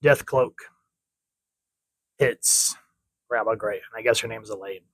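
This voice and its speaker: A man's voice: lowish voice, takes it slowly, a bit bright, dry recording, rough recording. A man giving a casual comic book review, chatty and rambling, often correcting himself.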